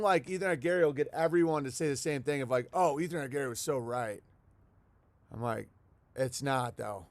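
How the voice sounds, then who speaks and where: Here the same kind of countryside livestreamer, a man with a mid-range voice and no echo, chats loosely with his audience, swearing as he goes and reading viewer letters out loud from home.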